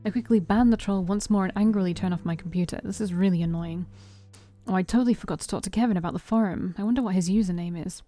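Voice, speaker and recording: A woman streamer reading a visual novel aloud in the first person, playful and expressive as she narrates and speaks the heroine's lines. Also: medium pitch, fast talker. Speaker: let's-play streamer.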